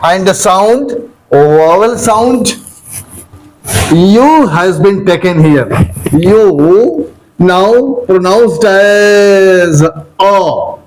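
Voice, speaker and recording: A man's voice: high-pitched, expressive, drawn-out words, a little mellow, poor audio. A man teaching English pronunciation with an Indian accent, spelling words out letter by letter and calling his listeners "dear". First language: Hindi. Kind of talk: slow classroom pronunciation lesson.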